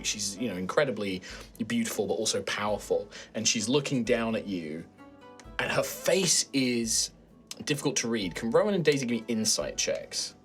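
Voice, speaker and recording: British man narrating as dungeon master. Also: lowish voice. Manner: relaxed, rambling description with many fillers. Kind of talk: narrating a tabletop game.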